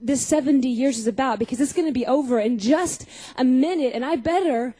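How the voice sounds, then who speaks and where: High, mellow-voiced woman preaching. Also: a little fast, slightly rough, rough recording. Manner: storytelling, questioning the audience, acting out scenes. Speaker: speaker at a Christian youth gathering. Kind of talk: personal testimony sermon.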